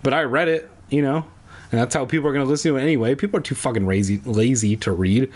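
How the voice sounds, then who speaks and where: A man's voice: mid-range voice, fast talker, a little mellow. A man reading a children's horror book aloud, breaking off into sarcastic, profane jokes. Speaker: comedic reader. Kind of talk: irreverent book reading with asides.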